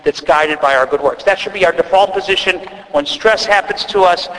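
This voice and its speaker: A high-voiced man with an Upper Midwest accent delivers a sermon. He talks in a relaxed, conversational way, restarting phrases and adding asides. His voice rings out with a long reverb in a church. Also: fairly quick. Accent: Upper Midwest American. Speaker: priest.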